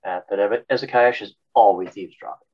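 A man's voice: lowish voice, fast talker. A man playing a tabletop game, easygoing and wry, on a dull lo-fi mic. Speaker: player. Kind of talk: casual tabletop game play.

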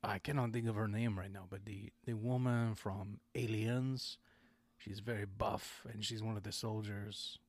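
A man's voice: on the low side, steady tone, measured pace, dry recording. A man hosting a podcast in casual chat, rambling and digressing, often correcting himself mid-sentence. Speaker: podcast host.

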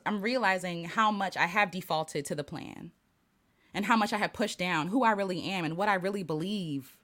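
A woman hosting a casual live stream, talking in an animated, reflective way and reading viewer comments. She laughs often and restarts her sentences. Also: mid-range voice. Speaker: livestream host.

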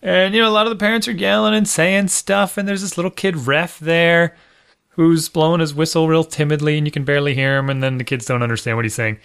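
A man's voice: a little high, little pitch movement, quick pace, creaky, fairly bright tone, smooth. A man in his thirties, a podcast co-host talking casually in a rambling, self-deprecating way with frequent restarts. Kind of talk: casual chat.

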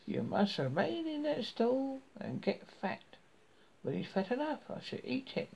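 A man putting on a high crooning old witch. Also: very animated, measured pace, vocal fry, darkish tone, breathy edge, exaggerated voice. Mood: commanding. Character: wicked old witch woman who eats children. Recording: dull lo-fi recording.

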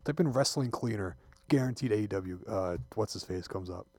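A fairly low-pitched young man trading blunt, sarcastic takes in a laid-back sports podcast. He swears freely, and his voice sits dry and close to the mic. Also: normal speed, a little mellow, no room sound. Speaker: podcast co-host. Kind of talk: casual sports chat.

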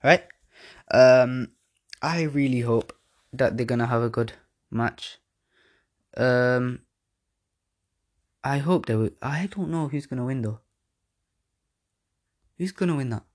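A man's voice: medium pitch, slow pace, pauses often. A man hosting a podcast, rambling through casual chat with slang, swearing and self-mocking laughs. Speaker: podcast host. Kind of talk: casual wrestling predictions chat.

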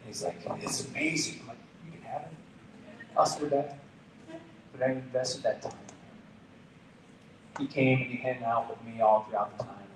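A man's voice: mid-range voice, fairly even intonation, moderate pace, pauses often, a crowd in the background. Earnest man preaching a story sermon. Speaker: pastor. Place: church gathering room. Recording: roomy, distant from the mic.

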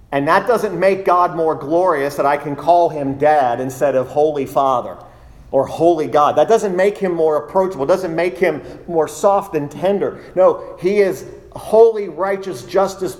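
A man delivers a sermon-style Bible study in an ordinary mid-range voice. He is emphatic, slowing down to stress and repeat key words. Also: mid-range voice. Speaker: pastor teaching a study.

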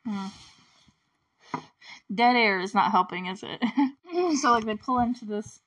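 A young woman hosting a podcast, recapping a film in casual solo chat, full of "like" and "you know" and quick laughs. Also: medium pitch, a bit bright. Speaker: podcast host recapping a movie.

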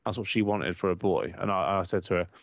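A gravelly, low-pitched podcast co-host talks fast, rambling through stories with plenty of swearing and loudly acting out other people's lines with animation. The lo-fi recording sounds dull and dry.

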